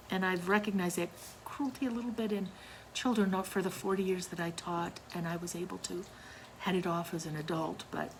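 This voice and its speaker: An older woman tells a ghost story from her own childhood in a low, gravelly voice. She speaks slowly and quietly, often sinking almost to a whisper. Faint background noise sits under the recording. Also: low-quality recording. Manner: hushed, slow, dropping to near whispers. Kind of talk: personal ghost story narration.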